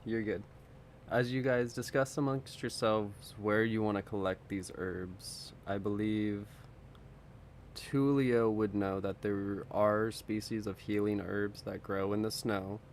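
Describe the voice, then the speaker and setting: Slow-talking low-voiced male game master. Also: steady tone, slight background noise. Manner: slow, measured rulings. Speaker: dungeon master. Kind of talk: narrating a tabletop game.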